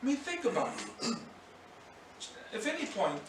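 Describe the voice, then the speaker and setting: A man's voice: very high voice, normal speed, very noisy. A man preaching a sermon in a church hall, acting out scenes as he speaks. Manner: animated, acts out scenes and voices. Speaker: pastor. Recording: echoey hall, mic at a distance.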